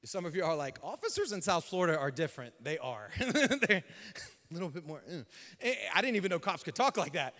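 A male pastor telling a story in a sermon, animated, dropping to a hush and then rising loud. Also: fairly high pitch, brisk. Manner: animated, swings between hushed and loud. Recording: long hall reverb.

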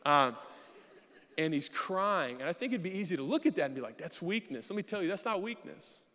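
Joking young pastor in a reverberant hall. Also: male voice, high-pitched, lively intonation, brisk, a bit bright. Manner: conversational and joking, acts out his own inner voices. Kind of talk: sermon. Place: church sanctuary. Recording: long reverb of a large hall.

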